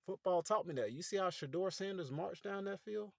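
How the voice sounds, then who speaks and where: A man's voice: sits high, brisk, vocal fry, a little mellow, no room sound, clean studio sound. A man, giving casual motivational talk to viewers from inside his parked car at night, preachy and conversational. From Fort Pierce, Florida. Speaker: motivational vlogger.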